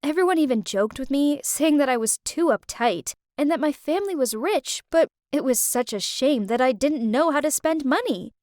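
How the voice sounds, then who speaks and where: A young woman narrating an animated story in first person, chatty and breathless. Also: sits high, normal speed, hardly any pauses, no room sound, studio quality.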